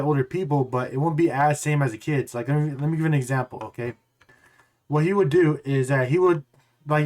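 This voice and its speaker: A man in casual talk to camera as a gaming YouTuber, rambling and restarting, with blunt swearing. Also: medium pitch. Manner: rambling, repeats words and restarts.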